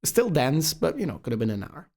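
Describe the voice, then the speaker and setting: A young man hosting a self-improvement video, talking fast and casually with lots of swearing, calling the viewer bro. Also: a little high, big pitch swings, vocal fry, darkish tone. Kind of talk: casual monologue to camera.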